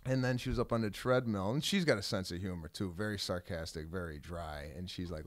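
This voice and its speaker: A man's voice: sits low, fairly quick, hardly any pauses, no echo. A man with a Chicago Italian accent, a guest comedian telling self-mocking stories in casual podcast chat. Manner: animated, self-mocking anecdotes. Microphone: podcast studio mic.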